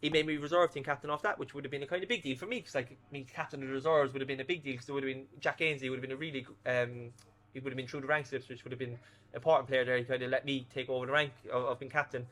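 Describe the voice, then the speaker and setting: Ex-footballer guy, quick talker, bright voice, swears a lot telling stories. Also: mid-range voice. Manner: animated anecdotes, swears freely. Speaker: former footballer guest. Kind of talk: casual storytelling interview.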